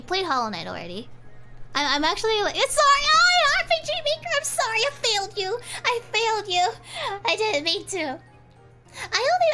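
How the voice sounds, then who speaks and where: Young woman streamer with a high, lively, bright voice who chats and rambles animatedly. Faint music plays behind her. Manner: animated, rambling, quick to laugh. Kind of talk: casual chat.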